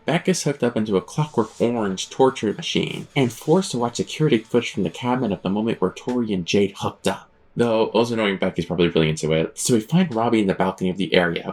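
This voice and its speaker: A man's voice: on the low side, a little mellow, breathy edge. A man YouTuber telling a comic story in a rambling way, with wry asides. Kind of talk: comedic storytelling commentary.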